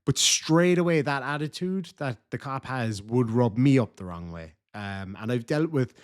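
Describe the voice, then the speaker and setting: A man's voice: mid-range voice, expressive, normal speed. An Irish man hosting a reaction video, commenting casually in a chatty, rambling way and often correcting himself.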